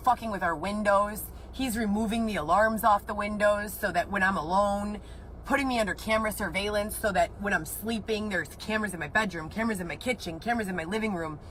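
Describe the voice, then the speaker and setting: A woman's voice: mid-range voice, fairly bright tone, a little hiss or hum, rough recording. A woman telling her own story in an agitated, rambling way, swearing often. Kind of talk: emotional personal account.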